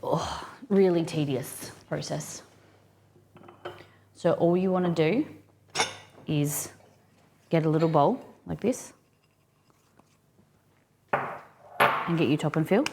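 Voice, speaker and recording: A woman's voice: low voice, takes it slowly, long pauses, a little mellow, slight background noise. A woman hosting a casual live cooking stream, chatting and thinking aloud with rambling asides as she works in a kitchen.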